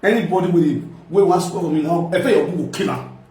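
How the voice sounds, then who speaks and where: Nigerian man, high and brash, ranting on a live video in a boomy room. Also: brisk, recorded from a distance. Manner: loud, sing-song, switching between languages and pidgin. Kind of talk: animated political rant. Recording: echoey room.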